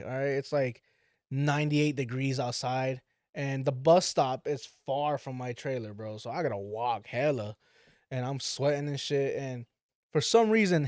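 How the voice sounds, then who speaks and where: A man's voice: medium pitch, no echo, clean studio sound. A man telling a story as a podcast guest in a loose, profane way, voicing the people in it. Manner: animated, profane, acts out quoted voices. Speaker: father of daughters. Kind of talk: casual storytelling.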